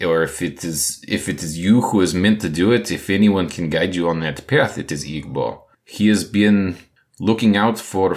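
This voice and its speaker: A man voicing an earnest, hesitant male companion who halts and restarts as he talks in a tabletop role-play. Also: low-pitched. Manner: halting, full of restarts and pauses.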